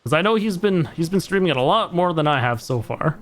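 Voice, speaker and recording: A man's voice: a little high, lively intonation, fast, fairly bright tone, faint music behind. A young man streaming a game live, chatting casually with viewers and teammates, laughing often. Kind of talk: casual live-stream chat while gaming.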